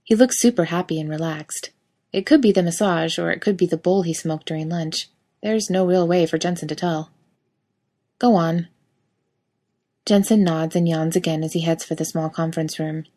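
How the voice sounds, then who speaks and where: A woman reads a story aloud with a wry, casual delivery that lets the odd swear word through. Her voice sits a little low. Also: steady tone, a little fast, mellow. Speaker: reader. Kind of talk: storytelling narration.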